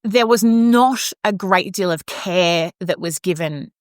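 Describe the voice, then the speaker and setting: A woman's voice: on the low side, takes it slowly, no echo, studio quality. A woman with an Australian accent, a podcast co-host and opera singer, telling a story in a casual chat and acting out the voices of the people in it. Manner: animated, acts out quoted voices.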